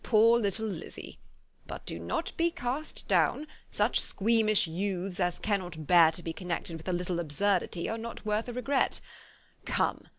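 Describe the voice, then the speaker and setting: Woman doing a dry teasing old dad, kinda mocking, low key. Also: animated, unhurried, dry recording. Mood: wry. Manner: wry and teasing. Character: dry, teasing older gentleman, a father.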